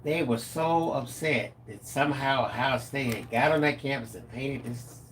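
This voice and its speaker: A middle-aged man co-hosting a live stream, telling stories in a lively, animated way. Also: medium pitch, normal speed, a little hiss or hum. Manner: animated storyteller, acts out quotes. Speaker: co-host of a live craft stream. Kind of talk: casual storytelling chat.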